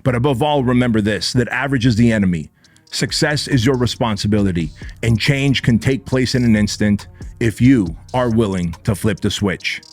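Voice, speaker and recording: A man hosting his own show, delivering a forceful motivational monologue in punchy, repetitive phrases with some swearing. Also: medium pitch, moderate pace, no echo, soft background music. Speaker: podcast host.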